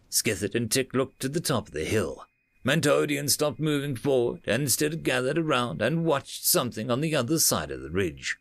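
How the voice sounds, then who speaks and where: Gravelly, expressive male storyteller. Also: medium pitch, normal speed, no echo, soft background music. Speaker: narrator. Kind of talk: storytelling narration.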